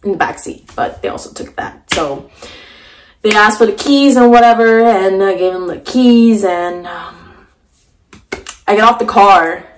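A woman's voice: mid-range voice, unhurried, pauses often, slight background noise, low-quality recording. Young woman rambling thru a storytime vlog, super chatty, lots of likes and ums. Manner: animated, chatty, full of fillers. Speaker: vlogger.

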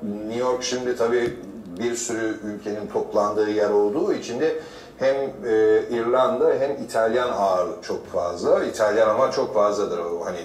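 A man's voice: fairly low pitch, normal speed. Man explaining, echoey and distant. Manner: explanatory, confident. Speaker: actor, interview guest. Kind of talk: interview explanation. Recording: echoey, distant, with faint room noise.

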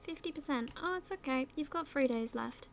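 A woman's voice: high-pitched, fairly quick, slight background noise. Chatty British woman gaming commentary. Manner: chatty, drops into whispers and silly voices, swears casually. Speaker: gaming YouTuber. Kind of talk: casual let's-play commentary.

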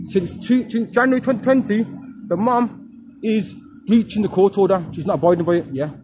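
A man's voice: sits high, moderate pace, background noise. A man filming his own confrontational street vlog as a fathers' rights activist, firing off taunting questions. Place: outdoors on a street.

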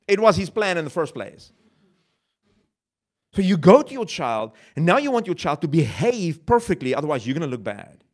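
A man preaches in a lively, animated voice that swings up and down, a little higher than most men. He talks in a conversational way, asking the congregation questions and poking fun at himself. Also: normal speed. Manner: conversational, with self-mocking laughs. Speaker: pastor. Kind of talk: sermon.

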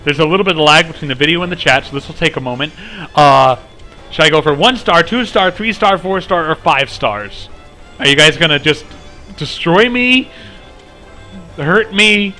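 A man's voice: fairly high pitch, normal speed, bright, forceful tone. A man hosting a casual game live stream, chatting with viewers, rambling and humming along as he plays. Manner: rambling, chatty, hums tunes and laughs often. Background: faint game music.

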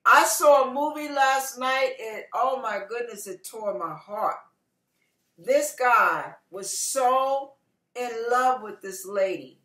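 A woman pastor preaching an impassioned online sermon, moving from hushed, slow teaching to tearful, shouting fervor. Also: a little high, expressive, echoey room.

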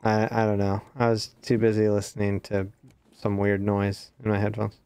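A man in his forties hosting a game stream, easygoing and quick to laugh. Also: on the low side, completely flat delivery, darkish tone, clear, resonant tone, no room sound. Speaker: streamer host. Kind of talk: casual gaming chat.

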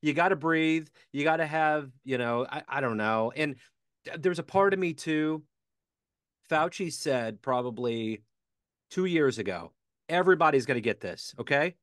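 A man's voice: a little high, expressive, measured pace, a bit bright, clean tone, dry recording, clean studio sound. Friendly rambling male interview host. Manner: friendly, rambling, trails off mid-thought. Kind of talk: casual interview talk.

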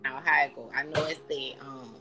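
A woman's voice: rumbling low, normal speed, music in the background. A woman in her thirties with a New Orleans accent, chatting and teasing casually on a phone livestream. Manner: teasing, laughing, lively Southern slang. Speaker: mother on a live video chat.

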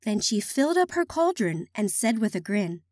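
A woman reading a children's picture book aloud in an expressive, sing-song way. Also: mid-range voice, normal speed, dry recording, clean studio sound. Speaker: children's story reader.

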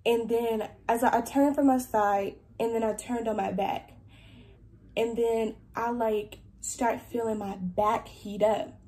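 A woman's voice: a little high, fairly even intonation, takes it slowly, warm tone. A young adult woman earnestly telling a personal testimony, filling her speech with "like". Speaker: believer sharing a testimony.

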